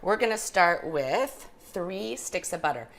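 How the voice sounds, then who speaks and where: A woman's voice: fairly low pitch, expressive, measured pace, creaky, noisy background. A middle-aged woman chatting casually as she demonstrates a recipe in her home kitchen. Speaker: cooking show host.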